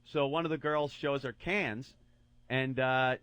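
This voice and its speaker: A man co-hosting a radio show in casual chat, telling a crude story in an animated way and acting out the quotes, on a studio microphone. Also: mid-range voice, unhurried, clean tone, dry recording.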